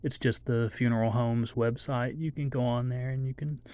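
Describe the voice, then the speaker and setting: A middle-aged man from southeast Texas, reading his mother's obituary to his viewers in a halting voice, with many pauses and restarts. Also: mid-range voice, steady tone, darkish tone, dry recording. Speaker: channel host.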